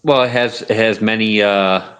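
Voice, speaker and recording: A man's voice: on the low side, fairly even intonation, normal speed, a bit bright, smooth. A man joining a casual livestream panel, teasing and crude, often repeating himself. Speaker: panel guest. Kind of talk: casual chat.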